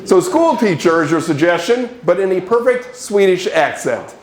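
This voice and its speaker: A man hosting a live improv show, lively and joking with the audience. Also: sits high, moderate pace. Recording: echoey room.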